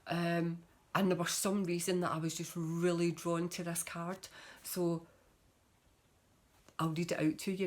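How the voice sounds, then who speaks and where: A woman with a slightly low-pitched voice talks chattily to her camera in a casual show-and-tell vlog. She gushes as she shows off her tarot cards, with a lot of fillers along the way. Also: little pitch movement, unhurried, long pauses. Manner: chatty and gushing, with frequent fillers. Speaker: tarot reader.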